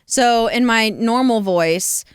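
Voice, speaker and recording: Young female news anchor, smooth resonant voice, dry studio sound, chatty and laughing. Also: on the high side, slow, no room sound. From American Midwest. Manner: chatty, laughs often, many likes and ums. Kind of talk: casual interview chat.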